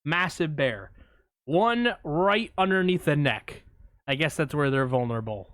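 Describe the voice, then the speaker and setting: A man co-hosting a casual movie podcast, telling stories in an animated, boastful way. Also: fairly high pitch, measured pace, dry recording, clean studio sound. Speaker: podcast co-host.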